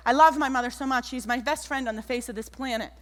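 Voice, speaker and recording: A woman giving an animated keynote talk on stage, telling stories and acting out the people in them. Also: sits high, fast. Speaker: keynote speaker. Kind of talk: motivational stage talk with storytelling. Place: large auditorium stage. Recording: echoey auditorium.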